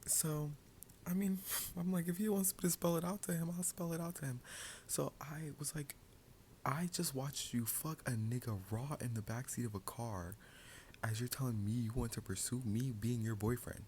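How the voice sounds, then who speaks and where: A young man telling a casual, profane story in a soft-spoken, half-whispered ASMR role-play, breaking into sudden loud outbursts. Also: medium pitch, steady tone, moderate pace, a little hiss or hum.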